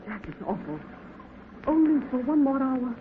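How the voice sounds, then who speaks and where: A shrill, frightened young lady. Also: very animated, moderate pace, narrow, tinny audio. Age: young adult. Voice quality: breathless, shrill pleading. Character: excitable, frightened young woman trapped in mine. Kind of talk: 1930s radio drama acting. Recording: scratchy, echoey 1930s radio broadcast.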